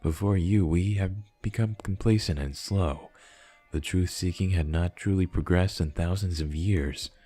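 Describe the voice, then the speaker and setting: A man reading a visual novel aloud, voicing an ancient spirit being who speaks in a measured, formal and detached way. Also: low-pitched, warm tone, breathy edge. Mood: calm.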